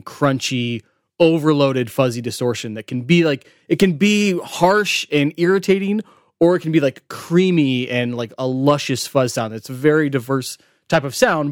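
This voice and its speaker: A man co-hosting a casual music podcast, explaining recording details with lively enthusiasm and many fillers. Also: medium pitch, dry recording, clean studio sound. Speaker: podcast co-host. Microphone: home podcast mic.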